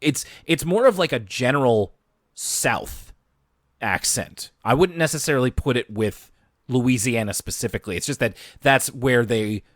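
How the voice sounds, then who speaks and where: A man in casual podcast chat who rambles and trips over his restarts while he agrees. His pitch moves around a lot. The recording is dry and close, with no room sound. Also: lively intonation, normal speed, dry recording. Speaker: podcast co-host.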